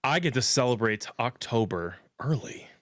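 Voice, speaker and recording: A man's voice: medium pitch, expressive, normal speed, noisy background. A man co-hosting a casual podcast, joking and playful. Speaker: podcast co-host.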